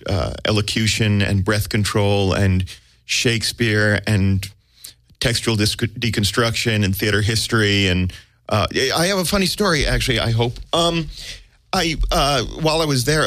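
A man's voice: on the low side, fairly bright tone, dry recording. An American man, an actor, telling a comic story about himself in a wry, self-mocking way with vivid detail. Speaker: actor guest.

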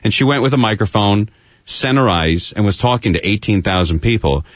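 A man's voice: fairly low pitch, expressive, fairly quick, no room sound. Teasing radio talk host, man. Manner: joking, teasing, loose and chatty. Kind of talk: casual radio chat. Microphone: studio microphone.

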